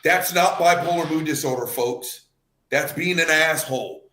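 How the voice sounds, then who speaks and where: A Cajun man in his fifties rants in a loose, profane chat, often stammering over repeated words. His voice sits a bit high and sounds bright and forceful. The room around him is echoey. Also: normal speed, a little hiss or hum. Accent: Louisiana Cajun. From Louisiana. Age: 50s. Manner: profane, heated, repeats words, swings between laughing and shouting. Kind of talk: casual chat, ranting commentary.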